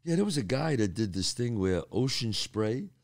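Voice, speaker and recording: Man, middle-aged, New York accent, podcast host, animated pitch, enthusiastic, casual. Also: vocal fry. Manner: enthusiastic, quick reactions, laughs easily. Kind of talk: casual interview chat.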